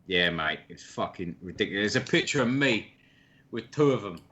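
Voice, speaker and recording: Casual bloke, lower register, crude matey banter, co-host. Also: male voice, lively intonation, moderate pace, sharp tone, lo-fi sound. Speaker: stream co-host. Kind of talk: casual chat.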